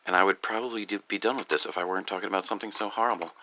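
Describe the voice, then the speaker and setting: A grieving, upset man talking in a rambling personal vlog, halting and profane, with many restarts. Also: on the low side, fairly even intonation, sharp tone. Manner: halting, profane, full of restarts and "you know". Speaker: video creator.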